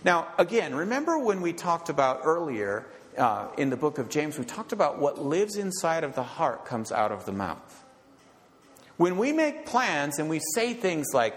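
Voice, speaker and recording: A man's voice: fairly high pitch, big pitch swings, unhurried. A male pastor giving an emphatic sermon, often asking rhetorical questions and checking in with "okay?". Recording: long reverb of a large hall.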